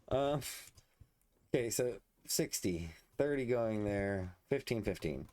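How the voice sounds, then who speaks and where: A man's voice: on the low side, animated, slow, darkish tone. A man casually commenting on his gameplay, muttering and thinking aloud as he builds. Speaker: let's play host.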